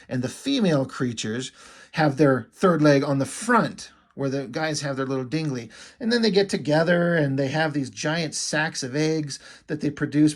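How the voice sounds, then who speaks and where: A man casually recapping and reviewing a comic book, rambling and irreverent, swearing freely and acting out characters' lines. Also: fairly high pitch.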